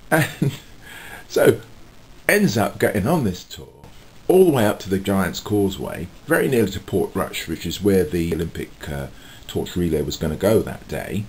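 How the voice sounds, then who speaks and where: Rambling man with lively pitch. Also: slight background noise. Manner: rambling, chatty, with frequent fillers and chuckles. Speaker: vlogger and street musician. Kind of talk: casual chat to camera.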